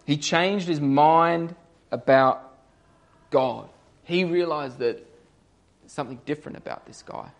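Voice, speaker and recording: A young man giving a casual sermon, telling a story and acting out the voices of its characters, rising to loud emphatic peaks. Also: fairly high pitch, a little slow, long pauses. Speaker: preacher.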